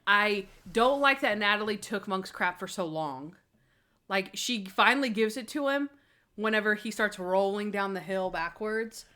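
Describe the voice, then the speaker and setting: A woman co-hosting a podcast chats casually in a medium-pitched, pushed and bright voice at a moderate pace. She retells scenes with animation, acts out quoted lines, and fills her speech with frequent "like"s.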